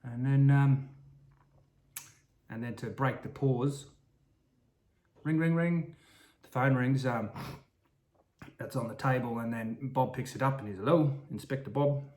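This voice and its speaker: A man's voice: medium pitch, fairly even intonation, unhurried, pauses often, a little mellow. A man telling an improvised story in a casual, rambling way, full of restarts and asides. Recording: roomy echo.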